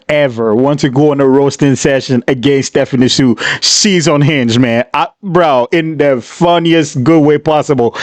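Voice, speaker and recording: Excitable man reacting to a video. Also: a little high, no room sound. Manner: excitable, chatty, explanatory. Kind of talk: casual reaction commentary.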